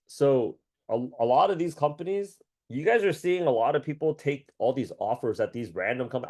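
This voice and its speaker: A man's voice: mid-range voice, a little mellow. A man working as a career coach, chatting casually in slang, laughing often and acting out the people he quotes. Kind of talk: casual chat.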